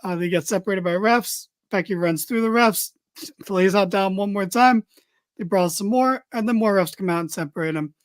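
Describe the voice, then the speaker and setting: Recapping a show on his casual wrestling podcast, a man chats loosely with lots of fillers and the odd swear word. His voice sits high at a normal speed, with no room sound.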